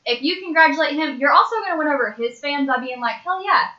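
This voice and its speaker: A woman's voice: high-pitched, fast, pushed and bright. A young woman guest in a casual podcast chat, emphatic and slangy, swearing freely. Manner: emphatic, swears freely, says "like" and "dude" a lot. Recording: echoey dull lo-fi room.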